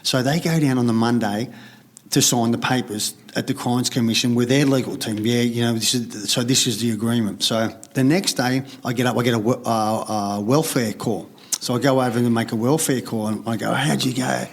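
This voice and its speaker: A man's voice: mid-range voice, steady tone, fairly quick. A middle-aged Australian man, a podcast guest, telling a story in a rambling, fired-up way, swearing heavily and acting out other people's lines. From Sydney, Australia. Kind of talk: candid storytelling in conversation.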